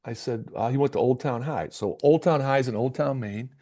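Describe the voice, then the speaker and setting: A middle-aged man with a gravelly, mellow voice spins a story for a podcast interview. He acts out both sides of old conversations, stumbling and repeating words as he goes. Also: mid-range voice, a little fast. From Michigan. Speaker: basketball coach, guest.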